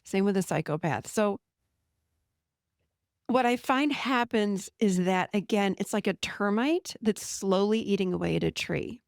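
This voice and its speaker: A woman's voice: medium pitch, a little slow, creaky, dry recording, clean studio sound. A middle-aged woman hosting a podcast as a therapist, speaking directly and telling client stories with animation. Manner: direct, animated storytelling, acts out client quotes. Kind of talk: casual podcast monologue.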